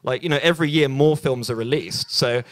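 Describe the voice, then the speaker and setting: Speaking a little fast in a mid-range voice, a young British man does stand-up at an open mic night in a bar. The recording is dry, he uses a handheld stage mic, and his self-deprecating, dry set rambles with frequent ums and restarts.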